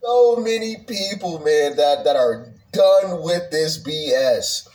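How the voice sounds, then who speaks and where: A man in casual podcast chat, talking haltingly and repeating words as he goes. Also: fairly high pitch, lively intonation, a little mellow, recorded from a distance, rough recording.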